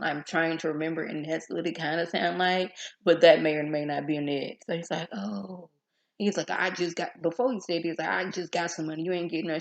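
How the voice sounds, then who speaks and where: A young woman recapping a TV episode in a casual, chatty way, often acting out the characters' lines in an animated voice. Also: lowish voice, poor audio. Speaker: TV show reviewer.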